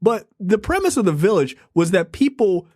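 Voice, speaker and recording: Guy ranting about a movie, high lively voice, dry close mic. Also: moderate pace, dry recording. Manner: animated, profane, laughing. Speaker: podcast co-host. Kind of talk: casual review chat.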